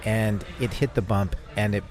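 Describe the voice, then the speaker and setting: An Australian man co-hosting a casual radio tech chat, explaining things at length with hesitant pauses. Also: on the low side, steady tone, a little mellow. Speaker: co-host. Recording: radio podcast with faint background noise.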